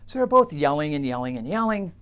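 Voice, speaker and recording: Halting man telling a teaching story. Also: a little high, sing-song, fairly bright tone, smooth. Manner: halting, many fillers and restarts. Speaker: coach working with clients.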